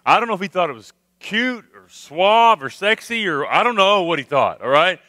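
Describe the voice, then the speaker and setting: A man tells a comic story at a youth camp service, animated and forever checking in with "okay? all right?". His voice sits high and rings bright. The sound is close and dry, with little room around it. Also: moderate pace, dry recording. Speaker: camp speaker, former youth minister. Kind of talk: humorous storytelling to a youth crowd.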